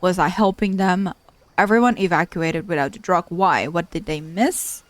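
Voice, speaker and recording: A woman giving casual let's play commentary with a somewhat low voice. She chats along as she plays and repeats her exclamations when something startles her. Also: moderate pace, no echo.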